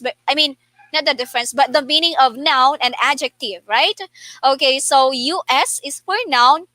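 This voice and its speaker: Filipino lady teacher, high bright voice, says okay a lot, dry sound. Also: no room sound. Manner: repeats herself, many okays; code-switches into Tagalog. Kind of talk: online spelling lesson.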